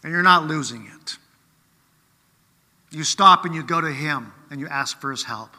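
A man's voice: a little high, moderate pace, sharp tone, long reverb tail. A man preaching a sermon in a conversational way, often checking in with rhetorical questions.

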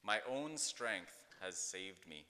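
A man's voice: low voice, expressive, takes it slowly, bright, forceful tone. A man, a pastor, giving a casual devotional talk in a rambling, conversational way, full of fillers and acted-out quotes. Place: outdoors. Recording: echoey hall-like reverb.

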